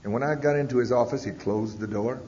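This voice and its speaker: A man's voice: fast, dark tone. A man giving a personal testimony talk at a convention, telling his story bluntly with frequent "uh" and "you know". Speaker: speaker at a recovery convention. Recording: echoey hall, dull 1990s tape, faint rumble.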